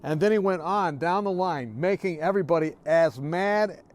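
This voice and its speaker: A man's voice: on the high side, moderate pace. Earnest man telling a devotional story. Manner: earnest, sinks to a hushed near-whisper. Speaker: devotional speaker.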